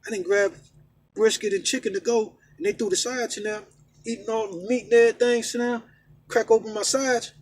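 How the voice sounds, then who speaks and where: A middle-aged man ranting and preaching casually, emphatic and repetitive, swinging from loud outbursts to low, stern talk. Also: poor audio. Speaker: vlogger preaching his faith. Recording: faint background noise.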